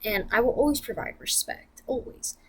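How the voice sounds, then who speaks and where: A woman's voice: a little high, moderate pace, fairly bright tone, husky. A young woman venting to camera in a casual vlog, blunt and profane, rambling with lots of fillers. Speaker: vlogger.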